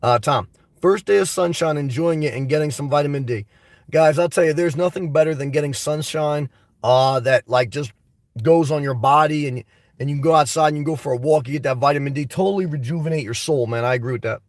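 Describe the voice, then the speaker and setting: A man hosting a casual live stream, reading viewer comments and rambling about them in an animated way. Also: on the high side, a little fast, dry recording, clean studio sound, far from the mic.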